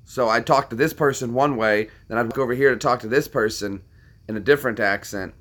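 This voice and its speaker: A man's voice: medium pitch, a little fast, fairly bright tone. A man hosting a casual chat, talking to his viewers in a rambling way full of anecdotes and repetitions. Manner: rambling, anecdotal, repeats himself.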